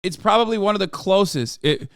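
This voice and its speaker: A man in his thirties rants at his live chat, cursing freely and breaking into loud yelling. His voice sits high and comes through smooth and resonant. It is recorded close and dry. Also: expressive, brisk, no room sound. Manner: profane, ranting at chat, swings to yelling. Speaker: streamer. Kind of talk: live stream reaction and chat rant.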